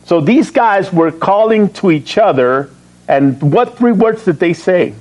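A man preaching to his congregation in a conversational, animated way, with a somewhat higher voice than most men. He reads scripture aloud, throws questions out to the listeners and answers them himself. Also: measured pace, poor audio. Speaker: pastor. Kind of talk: sermon.

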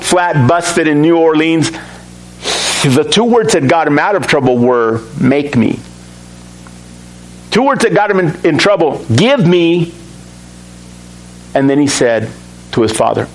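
A man's voice: fairly high pitch, slight background noise, low-quality recording. A man preaching a sermon to his church and asking the congregation questions. He acts out the lines of the Bible characters as he reads them. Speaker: pastor.

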